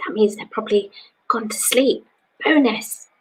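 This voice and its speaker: A woman's voice: a little high, measured pace, fairly bright tone, low-quality recording. A woman from England who reads cards as a psychic, chatting on a live stream with viewers in a rambling way, with many "you know"s. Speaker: psychic reader. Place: home.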